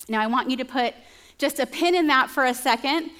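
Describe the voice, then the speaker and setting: Woman preacher, higher-pitched, chatty storytelling sermon delivery. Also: fairly quick, fairly bright tone. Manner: chatty and storytelling, with asides to the listeners. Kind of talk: conversational sermon.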